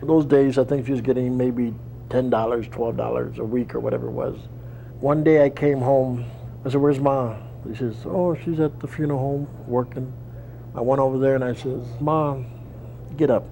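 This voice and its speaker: A man with a gravelly, dark voice, spinning folksy yarns from his life and playing every voice in the story himself. he talks in a relaxed way, with a faint hum behind him. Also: mid-range voice, normal speed, rough recording. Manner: folksy, acts out quoted dialogue. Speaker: interviewed wrestler. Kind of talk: storytelling in an interview.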